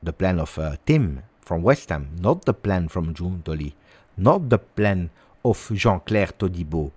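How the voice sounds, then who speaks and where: A man hosting a livestream of football transfer news, speaking theatrically, repeating words, and swinging between quiet asides and loud outbursts. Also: deep voice, lively intonation, unhurried, husky. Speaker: football fan channel host.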